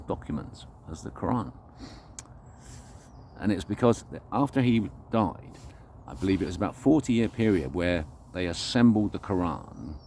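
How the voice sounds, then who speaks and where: A man's voice: lowish voice, a little mellow, slight background noise. A man vlogging an unscripted, reflective monologue, talking earnestly and searching for his words as he goes.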